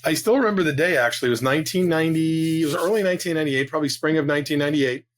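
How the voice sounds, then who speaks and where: A man in his fifties talks at a quick clip as a podcast guest, his voice sitting somewhat high for a man. He rushes through his story with animated energy, often restarting his sentences. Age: 50s. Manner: rapid, animated talker with frequent restarts. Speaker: guest, real estate agent. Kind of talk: casual interview storytelling.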